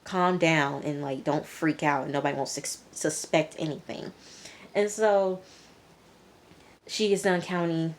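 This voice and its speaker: Low-voiced woman chatting casually. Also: slight background noise. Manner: chatty, full of fillers like "um" and "you know". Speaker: TV reviewer. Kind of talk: casual episode recap.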